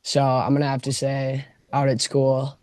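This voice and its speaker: A relaxed man talking hockey and life as a podcast guest. His voice sits mid-range and sounds close and dry, with no room around it. He keeps things loose and laughs easily. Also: mid-range voice, moderate pace, no room sound. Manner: easygoing, laughs often. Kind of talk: casual podcast chat.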